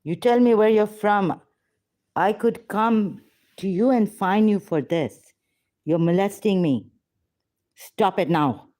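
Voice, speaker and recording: Woman in a heated argument, accusatory and unrelenting, slow measured pace. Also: mid-range voice, warm tone. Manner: confrontational, accusatory. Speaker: ex-Muslim debater on a call.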